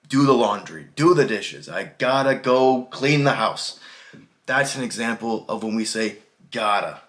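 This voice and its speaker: An American man teaches English in a relaxed video lesson, talking the viewer through everyday speech with plenty of spoken examples. His voice sits at an ordinary middle pitch, and his delivery stays easygoing and conversational.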